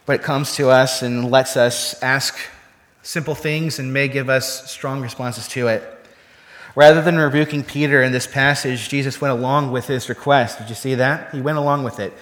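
With a fairly bright, mid-range voice at a moderate pace, a man preaches conversationally and often asks his listeners rhetorical questions. He is a pastor, recorded with the long reverb of a hall.

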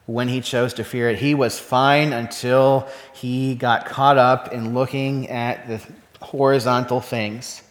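A male pastor delivers a sermon in an easy, talky manner, and he keeps turning to his listeners with questions. His voice sits at an ordinary middle pitch. The sound carries a long reverb, as if it were recorded in a big hall. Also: level tone, slow. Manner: conversational, asks the congregation rhetorical questions.

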